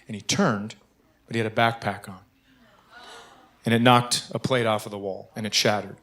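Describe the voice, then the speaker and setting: Bright-voiced male stand-up storyteller. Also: fairly low pitch, brisk, long pauses. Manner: animated, bursts into shouts at punchlines. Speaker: stand-up comedian. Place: comedy club stage.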